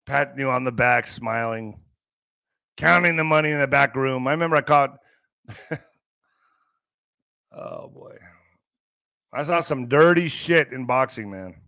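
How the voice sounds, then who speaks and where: A man's voice: mid-range voice, a little slow, gravelly, pauses often, bright, forceful tone, no room sound, clean studio sound. A middle-aged man giving emphatic, sarcastic commentary as a podcast host, swearing as he reads out and mocks the news. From US border region. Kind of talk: ranting commentary reading news.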